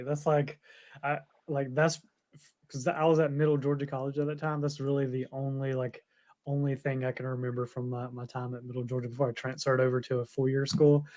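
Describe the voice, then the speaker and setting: A man's voice: mid-range voice, darkish tone. Rambling young man. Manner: rambling, filler-heavy, with frequent "like". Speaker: podcast co-host. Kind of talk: casual chat.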